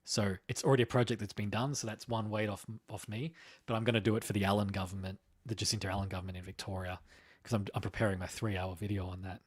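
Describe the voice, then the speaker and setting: A man from Australia chats casually on a live stream with a low, husky voice. He rambles and reads out comments from the chat. The sound is dry and close, with no room echo. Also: steady tone, fast talker.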